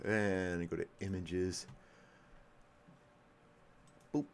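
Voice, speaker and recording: A man's voice: deep voice, steady tone, drawn-out words, a little hiss or hum. A man hosting a podcast in casual chat, often breaking into laughter. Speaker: podcast host.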